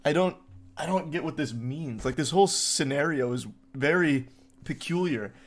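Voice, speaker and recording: A man's voice: on the high side, moderate pace. A young man giving casual commentary as he reads online posts aloud, with wry, incredulous and mocking asides.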